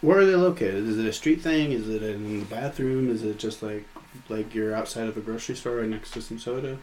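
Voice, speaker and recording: A man from Nebraska with a flat Nebraskan accent, co-hosting a podcast in blunt, profane, joking chat. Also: lowish voice, fairly quick. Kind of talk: casual chat.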